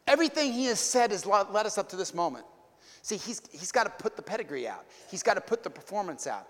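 A man with a high, light voice preaches as a pastor, talking casually with slang and repeated words. He surges to loud, emphatic peaks, then drops to hushed asides. His voice carries a long reverb, as if from a large church sanctuary. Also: sing-song, fast. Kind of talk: sermon.

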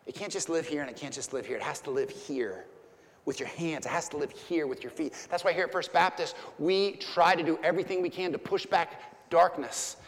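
A man, preaching a sermon as a pastor, swinging from loud impassioned peaks to hushed emphasis. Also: fairly high pitch, brisk. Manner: impassioned, rising to near-shouts and dropping to hushed emphasis. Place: church sanctuary. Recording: long church reverb.

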